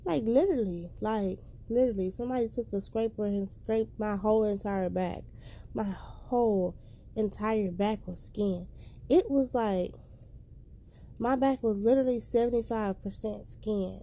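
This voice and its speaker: Young woman, casual storytime vlog, blunt profane talk, emotional, mellow dark tone. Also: medium pitch, measured pace.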